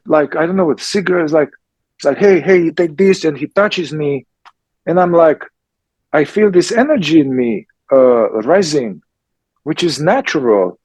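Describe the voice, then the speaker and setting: A man speaks at a slow, deliberate pace in a fairly high voice, often stopping to check in with a questioning "yeah?". The sound is dry and close, with no room echo. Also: a little mellow. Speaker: somatic psychotherapist and teacher. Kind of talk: conversational talk answering questions.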